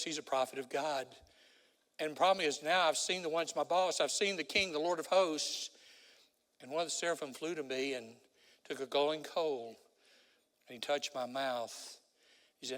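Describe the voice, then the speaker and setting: An older man preaching a sermon as a guest preacher, telling stories dramatically and swinging from loud exclamations to hushed pleas. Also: a little high, moderate pace. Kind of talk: sermon with storytelling. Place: large church sanctuary. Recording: long hall reverb.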